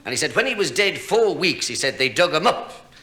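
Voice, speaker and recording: Irish guy telling jokes on stage, laughs at his own stuff, sits a bit high, roomy echo. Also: sing-song, brisk, sharp tone. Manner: chuckles at his own jokes, conversational asides. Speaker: stand-up comedian. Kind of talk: live stand-up storytelling. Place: stage before a live audience. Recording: echoey live room, faint hiss.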